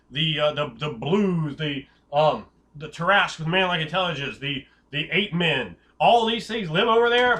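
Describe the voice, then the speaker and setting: Excitable bright-voiced man giving game advice. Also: high voice. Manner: excitable and hyperbolic, with jokey tangents; rambling, with frequent restarts. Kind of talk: casual advice talk.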